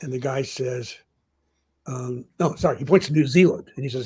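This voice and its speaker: A man's voice: mid-range voice, steady tone, brisk, darkish tone, husky. An older man, a journalism professor, telling rambling anecdotes in an interview, full of "I mean" and "you know.". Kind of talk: anecdotal conversation.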